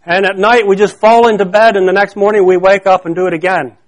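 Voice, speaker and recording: A man's voice: sits high, flat delivery, quick pace. A male pastor preaching a sermon to his congregation, talking conversationally, repeating and restarting phrases and quizzing the listeners to fill in words.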